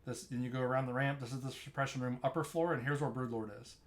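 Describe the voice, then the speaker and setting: A young male streamer quickly talks through a game fight on replay footage, explaining raid tanking in a casual walkthrough. His intonation stays fairly even at an everyday middle pitch, and his conversational style keeps doubling back to restart thoughts.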